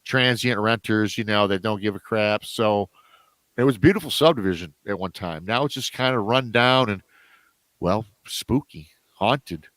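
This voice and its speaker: A man telling a story as a podcast guest in a casual way, animated, jumping up in pitch whenever he acts out what others said. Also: moderate pace, dry recording. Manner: animated, acts out quoted voices with big pitch jumps.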